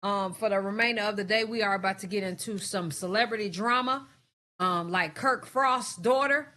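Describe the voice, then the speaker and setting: A woman's voice: medium pitch, normal speed, pushed and bright. A woman hosting a reaction stream, giving blunt, profane, casual commentary to her viewers.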